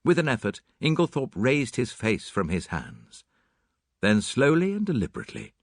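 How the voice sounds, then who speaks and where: Expressive male audiobook narrator. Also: lowish voice, moderate pace, dry recording, clean studio sound. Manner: expressive, dramatic reading. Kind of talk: scripted narration.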